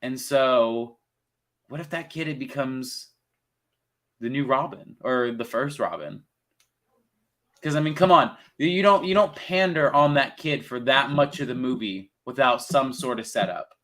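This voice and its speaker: A young man co-hosting a casual movie review chat, rambling and excitable, with the odd swear word. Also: medium pitch, a little slow. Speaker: podcast co-host.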